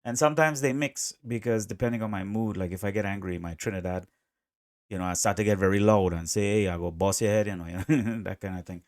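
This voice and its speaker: A man with an American accent giving casual, chatty reaction commentary, excitable and quick to laugh, with plenty of fillers. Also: lowish voice, dry recording, studio quality. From USA, South America and the Caribbean. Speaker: reaction video host.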